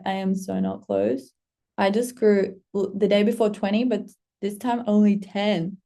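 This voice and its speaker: A young woman casually telling a vlog story about her own life, lively, with some swearing and acted-out quotes of her past excitement. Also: medium pitch, normal speed, vocal fry. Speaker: content creator.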